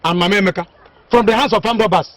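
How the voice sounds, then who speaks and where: An actor with a Nigerian Pidgin accent playing a self-important village security chief who boasts and pushes. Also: male voice, high voice, rapid-fire, fairly bright tone. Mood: gossipy. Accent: Nigerian Pidgin English. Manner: boastful, pushy.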